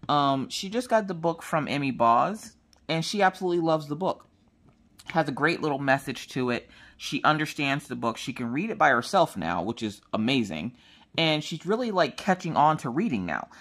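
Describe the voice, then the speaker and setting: A woman's voice: deep voice, expressive, normal speed, fairly bright tone. Chatty lady rambling about her kids while she crafts, casual and easygoing. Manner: chatty, rambling storytelling with quoted dialogue. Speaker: crafting vlogger.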